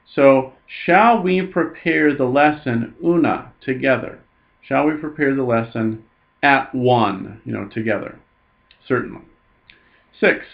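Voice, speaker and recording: Male Latin teacher, patient, slow careful reading, dull lo-fi audio. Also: medium pitch, creaky. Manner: patient, reads Latin slowly then translates. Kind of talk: recorded lesson walkthrough.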